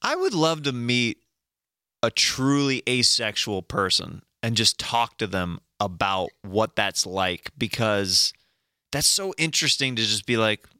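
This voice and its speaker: A man's voice: lowish voice, sing-song, unhurried, pushed and bright, smooth, no room sound, studio quality. A young adult man hosting a podcast in casual chat, laid-back and full of fillers, often saying dude. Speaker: podcast host.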